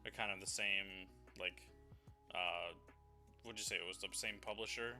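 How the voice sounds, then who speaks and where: A man co-hosting a podcast, chatting casually in halting bursts with many restarts. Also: sits low, fairly even intonation, bright, forceful tone, soft background music. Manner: halting, restarts, laughs often. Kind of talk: casual chat.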